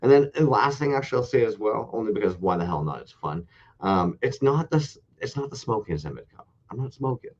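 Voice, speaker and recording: A man's voice: on the low side, lively intonation, brisk, a little mellow. Profane, rambling man on a lo-fi stream. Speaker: podcast co-host. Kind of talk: casual chat with heavy swearing.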